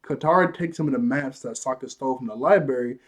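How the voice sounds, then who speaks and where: Dude casually recapping a show episode, loose and laughy, says like a lot. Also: male voice, medium pitch, fast. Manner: loose, chatty, laughs often, lots of "like". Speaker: show reviewer.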